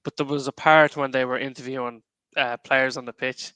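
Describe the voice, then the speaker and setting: A man co-hosts a fan podcast with lively, jokey banter. His voice is bright and crisp, recorded dry and close. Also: mid-range voice, a little fast, dry recording. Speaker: podcast co-host. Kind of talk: casual chat.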